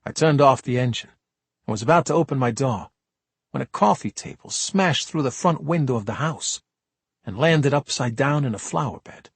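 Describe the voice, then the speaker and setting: A man's voice: mid-range voice, lively intonation, moderate pace, slightly rough, dry recording. A man reading an audiobook in a dry, wry first-person storytelling manner. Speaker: audiobook narrator. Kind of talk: scripted narration.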